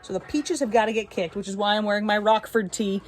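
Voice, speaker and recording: A woman's voice: medium pitch, fast. Chatty young woman vlogging from her shop. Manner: chatty, upbeat, laughs at herself. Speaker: woodworker and small business owner. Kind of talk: casual vlog talk to camera. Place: small woodworking shop.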